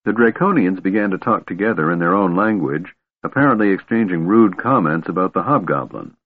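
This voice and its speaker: A man narrating a fantasy novel aloud in a measured, steady storytelling manner. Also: sits low, husky, no echo. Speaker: audiobook narrator. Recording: tinny narrow-band recording.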